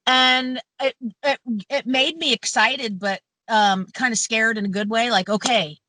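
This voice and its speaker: A woman's voice: on the high side, measured pace, bright, forceful tone, no room sound, rough recording. A woman chatting casually as a podcast guest, blunt and sweary, laughing often. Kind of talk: casual chat.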